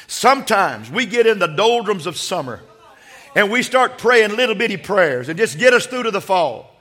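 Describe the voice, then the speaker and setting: A man preaching a sermon as pastor of a church, swinging from hushed asides to shouted appeals. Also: high voice. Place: church sanctuary.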